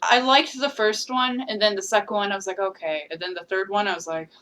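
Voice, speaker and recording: A young woman guesting on a casual gaming podcast, giving relaxed opinions full of "like" and "I mean". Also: medium pitch, fast talker, a little hiss or hum. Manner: relaxed, filler-heavy opinions.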